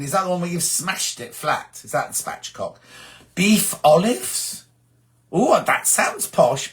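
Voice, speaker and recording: A man's voice: fairly high pitch, a bit bright. A middle-aged man from England chatting casually on a live stream, reading viewers' comments aloud and answering them. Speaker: host of a sewing live stream.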